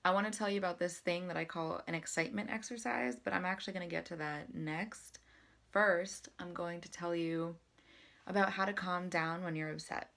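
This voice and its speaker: A young woman vlogging in a casual, chatty way, her voice sitting a little low for a woman. She talks loosely and pokes fun at herself, with plenty of fillers. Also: steady tone, normal speed, creaky, a bit bright. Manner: chatty and self-deprecating, with frequent fillers. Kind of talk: casual self-help talk to camera.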